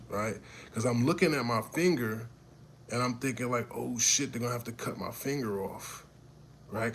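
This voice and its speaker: A man's voice: mid-range voice, a little hiss or hum. Profane man telling a story. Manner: animated and profane, with many restarts. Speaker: vlogger telling a personal story. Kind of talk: casual storytelling to camera.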